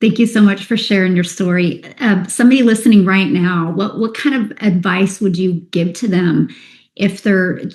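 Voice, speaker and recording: An encouraging woman host thanks her guest and asks for advice for listeners. Her voice sits at a mid pitch. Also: normal speed, a little mellow. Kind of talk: interviewer questions.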